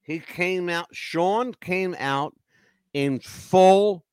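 A man co-hosting a casual roundtable chat, joking around and laughing loudly. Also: high-pitched, very slow, smooth, dry recording. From United States. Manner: animated, joking, loud laughs. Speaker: co-host.

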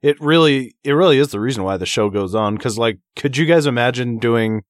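A man co-hosting a casual podcast, cracking dry, deadpan jokes. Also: mid-range voice, fairly quick, dry recording. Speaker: podcast co-host.

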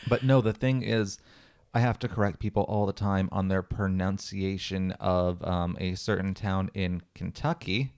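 Very low-voiced relaxed male podcast host. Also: moderate pace, clean tone. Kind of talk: casual podcast chat. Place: Pennsylvania.

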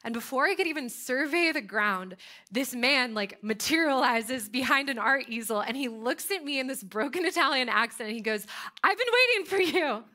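Young American woman preaching through personal story, animated and conversational, with a bright tone. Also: fairly high pitch, normal speed. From United States. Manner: animated, chatty storytelling with frequent fillers. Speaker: speaker. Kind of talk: storytelling sermon.

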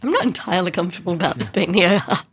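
A woman playing a tabletop game who talks in character in a lively, sardonic way. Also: lowish voice, racing, a little hiss or hum. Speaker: player.

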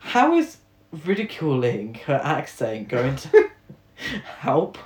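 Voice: mid-range voice, huge pitch swings, slow pace. A podcast co-host recapping a film in casual chat, sarcastic and laughing. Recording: echoey room.

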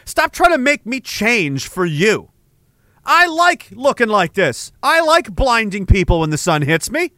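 A high, bright male voice that swings widely as he jokes through chat messages, swearing freely and acting outraged. The sound is close and dry with no room around it. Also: very animated, a little slow, dry recording. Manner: profane, joking, mock-indignant. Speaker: streamer reading chat. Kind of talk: casual chat.

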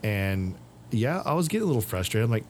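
In a casual podcast conversation, the male co-host rambles through stories and performs what others said in a sing-song way. His voice sits on the low side with a darkish tone, and he talks at a quick pace over a little hiss or hum.

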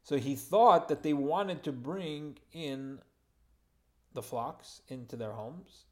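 A man's voice: fairly high pitch, slow pace. Man teaching scripture verse by verse. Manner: reads Hebrew phrases then translates them; informal asides and gentle humor. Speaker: Torah teacher.

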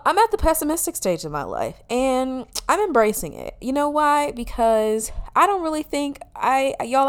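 A woman in her twenties hosting a podcast, talking in a sassy, animated, swearing comic monologue. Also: mid-range voice, smooth. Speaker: podcast host. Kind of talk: casual comedic monologue.

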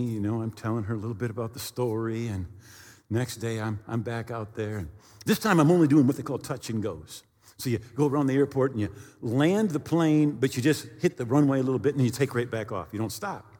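A male pastor preaching a sermon as an animated storyteller, acting out sounds and dialogue from his story. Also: medium pitch, a little fast, big-room sound.

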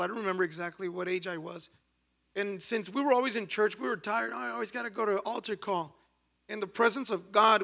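A man's voice: high voice, sharp tone. A man preaching a sermon and sharing a personal testimony, fervent and repetitive, building to near-sung emphasis.

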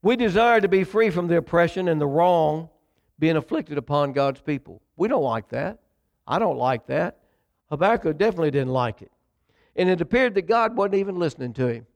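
A preacher man with a gravelly, rough-edged voice pitched a little above the usual. He delivers his sermon with dramatic voiced quotes and quick asides, swinging between reading scripture and talking straight to the congregation. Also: expressive. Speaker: pastor.

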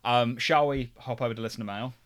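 A man's voice: mid-range voice, fast, a crowd in the background. An Australian man co-hosting a podcast, chatting casually and reading out listener mail, with plenty of ums. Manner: chatty, hesitant with many ums. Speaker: podcast co-host.

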